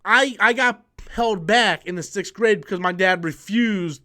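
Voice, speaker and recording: High-voiced, rambling man. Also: a little slow, sharp tone. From New York. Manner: profane, rambling storyteller with many restarts. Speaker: channel host. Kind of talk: casual live-stream chat.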